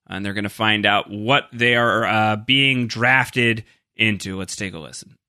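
A man's voice: on the low side, fairly even intonation, unhurried, pushed and bright, no echo, studio quality. A man co-hosting a podcast, chatting casually and recapping TV scenes with many fillers. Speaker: podcast co-host. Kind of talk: casual chat.

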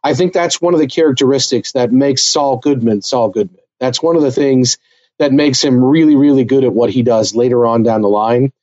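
A man's voice: medium pitch, fairly quick, mellow, highs cut off. A man co-hosting a casual TV recap podcast, talking things through in a thoughtful, analytical way. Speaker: podcast co-host.

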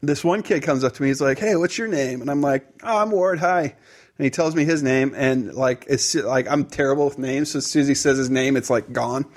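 A man's voice: medium pitch, steady tone, moderate pace. A man hosting a podcast, chatting casually and telling rambling stories with lots of restarts. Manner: rambling storyteller, many restarts and acted-out quotes. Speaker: podcast host. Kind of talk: casual chat.

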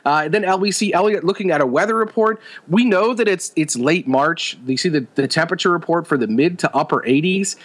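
A man co-hosting a casual chat, retelling scenes with animated enthusiasm and lots of fillers. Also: on the high side, a little fast, hardly any pauses. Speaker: podcast co-host.

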